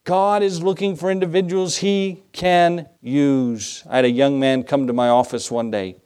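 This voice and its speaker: A man's voice: a little high, fairly even intonation, normal speed, darkish tone, clean tone. A male pastor preaching a conversational sermon, acting out little dialogues and asking the congregation rhetorical questions.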